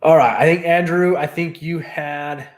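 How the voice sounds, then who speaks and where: There's a slightly high pitch to this man's voice, and he keeps a steady tone and an unhurried pace. Streaming from his new home in Texas, the host wanders casually from story to story, laughing as he goes.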